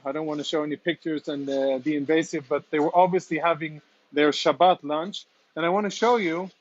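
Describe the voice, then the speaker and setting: A man speaking as a military spokesman, reporting live and earnestly from inside a damaged apartment, audibly emotional with halting restarts. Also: fairly high pitch, dull audio. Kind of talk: live walk-through report.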